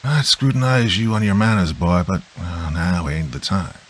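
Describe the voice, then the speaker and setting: A man voicing a weary, gruff old grandfather with a folksy drawl, recounting a horror. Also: low voice, normal speed, low-quality recording. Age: older.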